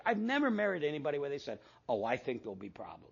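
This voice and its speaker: A man's voice: medium pitch, wildly swooping pitch, fast talker, vocal fry, few pauses, slightly rough, highs cut off. An older man preaching a sermon as pastor, telling stories with quoted dialogue and self-deprecating asides.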